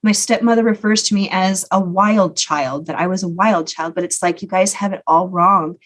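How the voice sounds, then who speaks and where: A woman telling her life story as a podcast guest, candid and earnest about painful memories. Her voice sits at an ordinary middle pitch for a woman, in a personal, conversational telling. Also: moderate pace.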